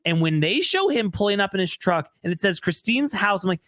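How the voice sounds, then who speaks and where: A woman's voice: medium pitch, lively intonation, brisk, fairly bright tone, no echo, clean studio sound. A woman co-hosting a podcast, chatting casually and bluntly about a reality show, swearing and mimicking the cast. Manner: blunt, profane, mocking impressions. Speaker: podcast co-host. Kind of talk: casual reality-TV recap chat.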